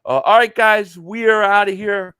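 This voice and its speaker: A man's voice: sits high, steady tone, moderate pace, sharp tone, clean tone, dry recording, studio quality. A man hosting a casual sports podcast, rambling with plenty of fillers and reading viewer messages aloud. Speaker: podcast host.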